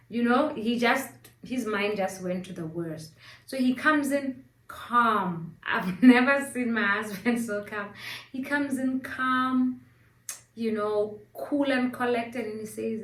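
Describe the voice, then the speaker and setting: A woman's voice: medium pitch, measured pace, distant mic. A woman in her thirties telling a personal story in a casual vlog, acting out her gasps and crying. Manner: animated, acts out her own crying and gasps. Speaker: storyteller vlogger. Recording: echoey room, set back from the mic.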